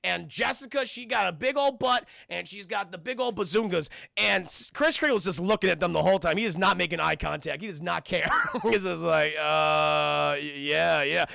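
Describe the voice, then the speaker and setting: A man's voice: sits high, brisk, gravelly, hardly any pauses, bright, forceful tone, no echo, clean studio sound. A man retelling a film on a live stream, rambling, profane and talking straight to his chat. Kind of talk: casual stream commentary.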